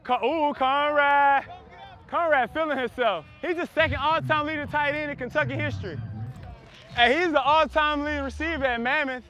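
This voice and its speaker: A young man, a pro football wide receiver, joking and trash talking loudly at practice on a wireless body mic outdoors. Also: extremely high pitch. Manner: loud, joking, teasing trash talk. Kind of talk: mic'd up banter at practice.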